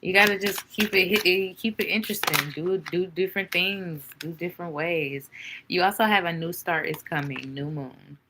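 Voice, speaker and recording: A woman's voice: fairly low pitch, normal speed, background noise. A woman reading tarot cards for viewers in a chatty, playful way, laughing often and calling viewers honey and baby. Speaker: tarot reader.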